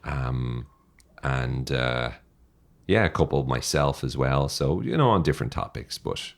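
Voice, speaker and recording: A man's voice: very deep voice, animated, unhurried, creaky. An Irish man, a podcast guest and author, chatting casually in a joking, self-deprecating way with many fillers. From Ireland. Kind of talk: casual interview chat.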